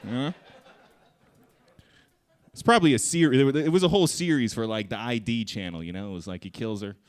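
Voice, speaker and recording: A man doing a stand-up set into a handheld mic on a comedy theater stage. His voice sits in an ordinary middle register, and his delivery is crude and profane. He jumps into quick acted-out voices for his bits. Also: medium pitch.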